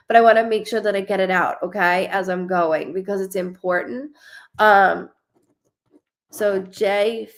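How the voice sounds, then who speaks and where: A woman medium giving a live psychic reading, rambling and swearing, often restarting her sentences. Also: mid-range voice. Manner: rambling, profane, frequent restarts.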